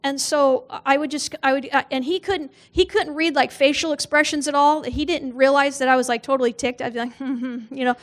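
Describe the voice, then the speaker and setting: High-voiced woman preaching with humor. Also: fairly even intonation, a little fast, few pauses, fairly bright tone. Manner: humorous storytelling, acts out quoted voices, laughs often. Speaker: guest speaker. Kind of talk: sermon with personal stories. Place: church.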